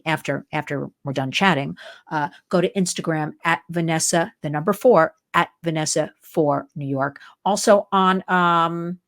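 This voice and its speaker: Older woman, interview host, from new jersey, excited, chatty, rather low pitch. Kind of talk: interview show.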